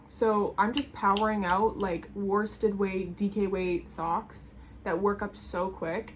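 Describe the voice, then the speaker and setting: A woman's voice: mid-range voice, slight background noise. A young woman talking casually and enthusiastically at home, rambling in a knitting vlog. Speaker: knitting vlogger. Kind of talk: casual chat. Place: home room with colorful closet behind.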